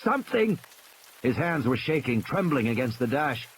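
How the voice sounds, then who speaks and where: A man reading a novel aloud as an audiobook narrator, with expressive, building tension. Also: medium pitch, normal speed. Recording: rain noise in background.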